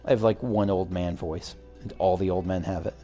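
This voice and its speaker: Faint game music plays behind this man as he casually commentates his gameplay, talkative and excited, cutting into his own sentences. He speaks a little quickly in a low, mellow voice with fairly steady intonation.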